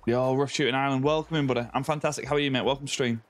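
A man's voice: medium pitch, fairly even intonation, rapid-fire, soft background music. An Australian man live-streaming a game, chatting casually and greeting viewers by name, calling them mate and buddy. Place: home streaming setup with a ring light.

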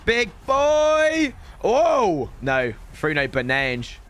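A young man, streaming a pack opening, slightly hoarse. He talks in an excitable way, swinging between shouting and grumbling. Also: high-pitched, extremely slow, soft background music.

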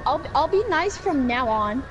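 A woman's voice: high-pitched, expressive, moderate pace, over music, rough recording. A woman playing a game with friends, whiny and pleading in a playful way. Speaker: player on a group game stream. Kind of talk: casual gaming chat.

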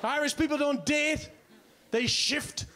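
A man doing live stand-up comedy, animated and swearing, with loud bursts of shouting. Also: extremely high pitch, slow. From United States. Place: large live venue with audience. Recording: live show with audience noise.

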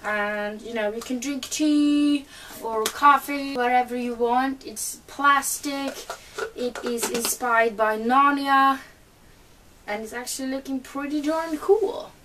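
Woman, fairly high voice, has a cold, chatty unboxing vlog, mic set a little away, faint background hiss. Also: takes it slowly, fairly bright tone, recorded from a distance, poor audio. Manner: chatty and eager, many fillers. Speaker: book vlogger. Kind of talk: casual unboxing chat.

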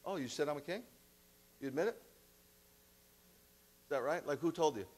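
A man voicing a calm Jewish teacher who answers with dry, quiet sarcasm in a sermon retelling. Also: on the low side, fairly quick, natural voice. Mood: sarcastic.

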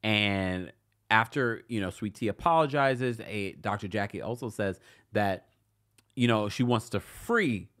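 A man's voice: on the low side, a little slow, fairly bright tone. A man hosting a casual live-stream recap, reading viewer comments aloud and chatting with frequent laughs and asides. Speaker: recap show host reading live chat.

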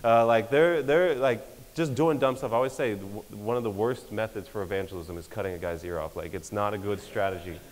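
A young man, giving an energetic, joking conference talk that pokes fun at pastors. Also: lowish voice, fairly quick, few pauses, slight background noise. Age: young adult. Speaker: speaker. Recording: hall reverb.

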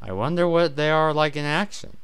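A man voicing a cheerful young male tank engine, eager and earnest, in a hobby animated story. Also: on the high side, brisk, clean tone, no echo, voice pushed up. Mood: curious. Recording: music playing underneath.

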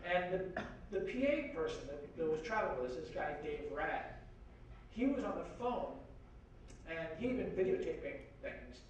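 High-voiced man telling a story in a hall. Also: moderate pace. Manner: lively, acts out quoted voices, frequent "like" and "you know". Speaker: guest speaker at a university forum. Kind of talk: animated anecdote storytelling. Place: university lecture hall. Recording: very echoey hall from far off, faint noise.

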